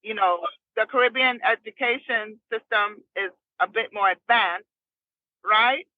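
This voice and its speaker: A woman's voice: on the high side, unhurried, no room sound. A woman from New Jersey, a recording artist, telling her life story as a podcast guest in a chatty way and laughing often. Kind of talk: casual storytelling interview. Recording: tinny phone line.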